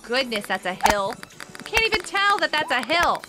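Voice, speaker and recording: A young woman chatting excitedly with viewers as she streams a game. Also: sits high, normal speed. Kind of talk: live gameplay commentary. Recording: game music behind. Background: game music.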